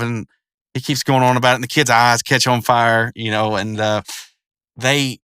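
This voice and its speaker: A man talking through a cartoon episode in a loose, rambling way, with lots of "uh"s and half-finished sentences. His voice is bright and crisp, at a middle pitch for a man. The sound is close and dry, with no room around it. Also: little pitch movement, moderate pace, no echo. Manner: rambling, many fillers and restarts. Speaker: video commentator. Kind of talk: casual episode commentary.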